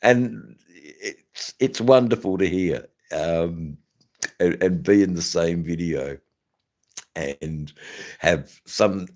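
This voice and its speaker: A man's voice: low voice, slow, a little mellow. A man with an Australian accent, hosting a casual livestream chat and rambling with many hesitations and fillers. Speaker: channel host.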